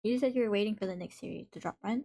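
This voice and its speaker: A woman's voice: medium pitch, rapid-fire, mellow. A woman hosting a live stream in casual chat, reading out messages from viewers and reacting to them playfully. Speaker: livestream host.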